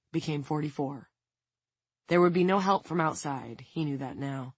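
A woman giving measured, scripted audiobook narration. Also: sits low, dry recording.

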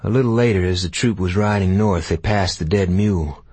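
Deep husky guy reading an audiobook, dry close sound. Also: fairly quick, darkish tone, no echo. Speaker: audiobook narrator. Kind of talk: audiobook narration.

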